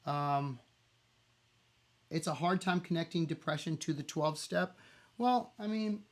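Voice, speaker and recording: Candid middle-aged man chatting from home. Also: on the high side. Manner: open, rambling, candid, with many fillers and restarts. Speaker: musician hosting a home livestream. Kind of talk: casual livestream chat and Q&A.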